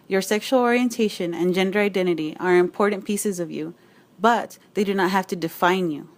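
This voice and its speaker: A young adult woman narrating a script in a calm, earnest, measured way. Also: medium pitch.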